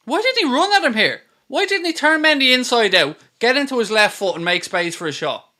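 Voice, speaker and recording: Man, stream host, high voice, bright tone, sweary, sarcastic. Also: sing-song, brisk. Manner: ranting, sweary, sarcastic at trolls. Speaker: host of a football watchalong stream. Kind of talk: live stream chat.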